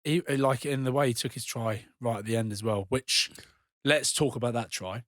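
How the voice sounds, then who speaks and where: A man, a former player turned rugby pundit, talking through match action in an animated, casual podcast chat. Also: medium pitch, moderate pace, no echo, studio quality.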